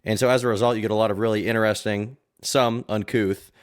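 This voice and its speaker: A man giving rambling, casual commentary on a live stream as he reacts to a video, with crude asides and shout-outs to viewers. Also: lowish voice, fairly even intonation, quick pace.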